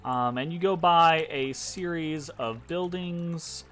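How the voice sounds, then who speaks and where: Slow, hesitant male game master. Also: fairly high pitch, fairly bright tone. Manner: hesitant, many ums and restarts. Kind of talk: narrating a tabletop game.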